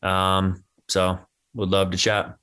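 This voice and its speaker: An athlete answers interview questions in a relaxed, casual way, filling his speech with lots of "um" and "you know." He's a young man with a deep, smooth voice who speaks slowly.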